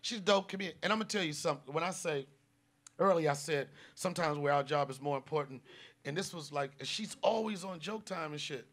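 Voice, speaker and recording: A man hosting a live comedy podcast, telling stories loudly and with swearing, and dropping his voice low for serious moments. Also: fairly quick. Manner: loud, profane storytelling, drops low for serious moments. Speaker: podcast host.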